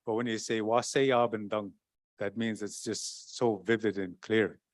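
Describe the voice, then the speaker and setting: A man speaking at a forum, telling a traditional story in a halting, repetitive, relaxed way. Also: on the low side, no room sound, studio quality. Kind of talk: oral storytelling talk.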